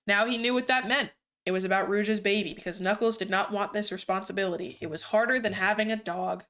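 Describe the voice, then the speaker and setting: A woman's voice: medium pitch, fairly even intonation, fairly quick, fairly bright tone. Brief: young female streamer, amused storyteller reading fanfic. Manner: amused, breaks off to comment.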